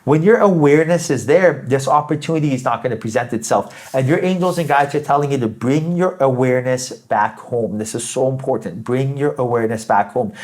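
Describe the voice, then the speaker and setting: A man's voice: medium pitch, a little mellow. A man giving a spiritual tarot reading, upbeat and emphatic, often tagging his points with "right?" and repeating phrases. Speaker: tarot reader.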